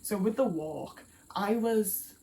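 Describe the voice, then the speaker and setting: This YouTuber is a young Englishwoman whose Midlands accent mixes with Liverpool, talking to camera in a loose, meandering style full of fillers. She speaks slowly at a medium pitch, with vocal fry and a dark tone, over a faint hiss or hum.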